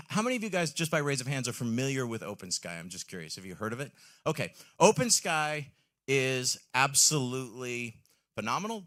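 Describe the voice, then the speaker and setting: A man's voice: mid-range voice, bright, forceful tone. A man giving an enthusiastic live product presentation on a trade-show stage, with frequent ums and questions to the audience.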